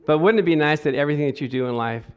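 High-voiced man preaching animatedly. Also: racing, clean tone. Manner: animated preaching, rising loud on scripture, joking asides. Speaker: pastor. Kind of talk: sermon.

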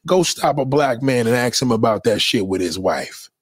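A man's voice: medium pitch, quick pace, few pauses, no room sound, clean studio sound. A man delivering a blunt, profane, opinionated monologue in a lecturing tone.

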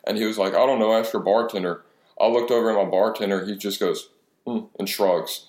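A man's voice: lowish voice, steady tone, a little fast, darkish tone. A man in his twenties telling a profane, rambling bar story in casual chat, acting out the other people's lines as he goes. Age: 20s. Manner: profane, storytelling with quoted dialogue. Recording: echoey room.

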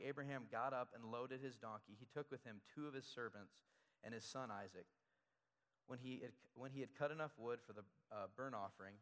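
A man's voice: mid-range voice, a bit bright, big-room sound. A man preaching a sermon as pastor, talking conversationally and repeating key phrases for emphasis.

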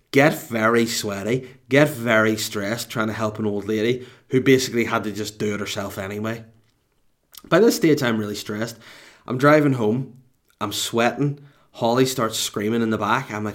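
Guy podcast host ranting thru a funny bad-day story, mid-pitch voice, laughing at himself. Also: moderate pace. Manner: animated, exasperated, self-mocking storyteller. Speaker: podcast host and radio presenter. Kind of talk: comic storytelling monologue.

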